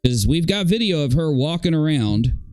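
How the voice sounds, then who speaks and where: A man with a somewhat high voice hosts a live stream, talking straight to his viewers in a loose, chatty way. He slips easily into sarcasm and mockery, with faint music underneath. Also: expressive, normal speed, a little mellow. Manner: sarcastic, mocking. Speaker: streamer host.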